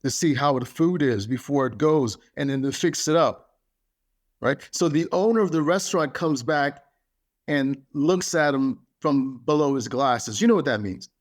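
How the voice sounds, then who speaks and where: A man's voice: mid-range voice, normal speed. Emphatic man giving a motivational podcast talk. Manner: emphatic, builds points through repetition. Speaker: podcast speaker.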